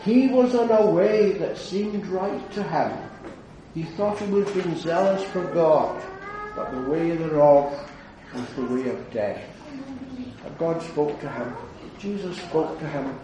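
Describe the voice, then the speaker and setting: A man preaching an earnest evangelistic sermon, building to fervent declarations and then dropping low. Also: slow pace, a crowd in the background. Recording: very echoey hall, heard from a distance.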